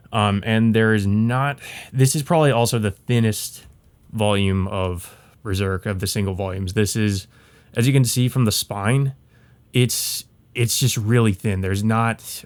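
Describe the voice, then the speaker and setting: A man's voice: lowish voice, a little mellow, dry recording. A young man hosting his own channel, talking through a manga volume in a rambling, hesitant way, with lots of restarts and casual asides. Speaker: channel host.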